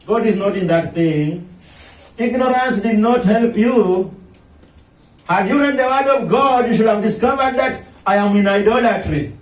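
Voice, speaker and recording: A man preaching a sermon as a pastor, breaking into shouts and mocking impressions of others. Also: sits high. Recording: echoey room, mic at a distance.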